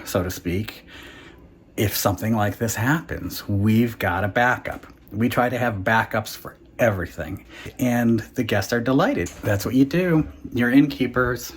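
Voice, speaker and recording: A man who runs a guesthouse, telling stories to the camera in an animated, chatty way and laughing now and then. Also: on the low side, a little hiss or hum. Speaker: guesthouse owner and vlog host. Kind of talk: casual storytelling vlog.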